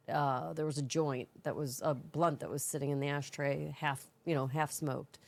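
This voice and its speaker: A woman co-hosting a podcast, telling a long, rambling story in casual chat. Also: sits low. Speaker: podcast co-host.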